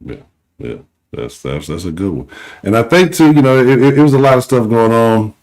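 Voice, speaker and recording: A man with a Houston accent hosting a call-in sports talk show, laid-back and slangy, often trailing off quietly. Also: medium pitch, sing-song, brisk. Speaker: sports talk radio host. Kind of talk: casual call-in show chat.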